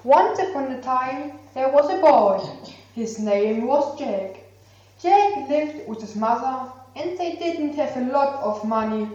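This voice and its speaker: A woman reading a children's story aloud slowly and deliberately. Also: high-pitched, lively intonation, a little mellow, distant mic. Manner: slow, clear, deliberate. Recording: echoey, dull lo-fi room recording.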